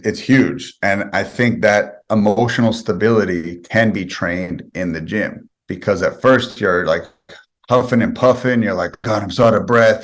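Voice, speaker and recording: Guest spot: a deep-voiced man, earnest and conversational, who lays out his ideas one example at a time. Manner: explains with step-by-step examples. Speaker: guest sales expert. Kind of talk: podcast interview answers.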